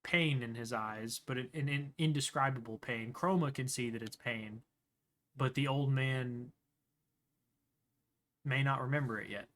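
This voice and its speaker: A man's voice: mid-range voice, measured pace, pauses often, fairly bright tone. A man narrates a tabletop game as its game master. He wanders through his descriptions, stopping and restarting as he hunts for the right word. His delivery is loose and conversational. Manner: meandering, searching for words mid-sentence.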